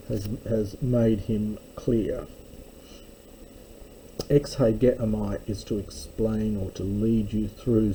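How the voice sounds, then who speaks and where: A man teaching a slow verse-by-verse Greek lesson, explaining word by word with pauses and fillers. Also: lowish voice, warm tone, slight background noise, low-quality recording.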